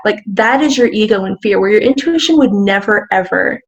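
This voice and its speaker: A woman as a guest in a casual interview, explaining things in a gentle way. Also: medium pitch, fairly quick, muffled recording.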